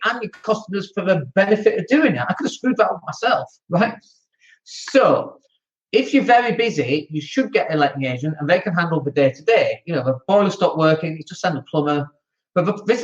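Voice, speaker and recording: An excitable Northern English man hosting a podcast, talking casually about running rental properties with mock outrage. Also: sits high, lo-fi sound. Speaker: podcast host, landlord. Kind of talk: animated casual talk.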